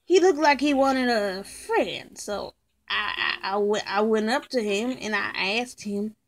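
A woman's voice: mid-range voice, unhurried, close to an everyday voice. A woman voicing a laid-back male crocodile leader in a game let's-play, telling a rambling story full of restarts. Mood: reminiscing.

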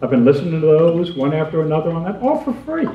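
A man giving a humorous seminar talk, animated and chatty, laughing often and acting out little scenes. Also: on the high side, quick pace. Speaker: comedy seminar speaker. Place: seminar room. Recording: roomy, muffled, distant hall recording.

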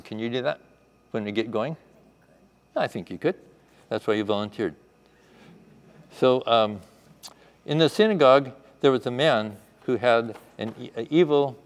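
A man teaching a children's Bible lesson in a chapel, asking the room questions and acting out the story. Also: medium pitch. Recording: echoey hall.

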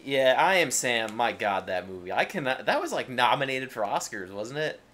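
A man's voice: medium pitch, big pitch swings, moderate pace, pushed and bright. A man co-hosting a podcast, chatting casually about a movie with sardonic, crude humor and frequent swearing. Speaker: podcast co-host. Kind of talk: casual movie-review chat.

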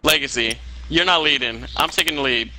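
Sharp-voiced man ranting over gameplay. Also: mid-range voice, fairly quick, low-quality recording. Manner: exasperated, swearing rant at his teammate. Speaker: gamer. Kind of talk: live gameplay commentary.

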